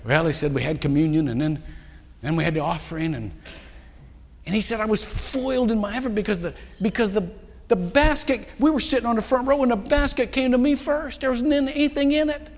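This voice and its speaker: A man preaching a sermon, telling a story with lively acted-out quotes in an animated storytelling manner. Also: high voice, brisk, long reverb tail. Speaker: pastor. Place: church sanctuary.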